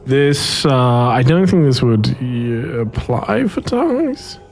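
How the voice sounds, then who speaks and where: A man narrating a tabletop game as game master, his voice sitting at an ordinary middle pitch. He describes scenes haltingly, often pausing on fillers and restarting his sentences. Soft music plays faintly behind him. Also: very animated. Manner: hesitant, many fillers and restarts.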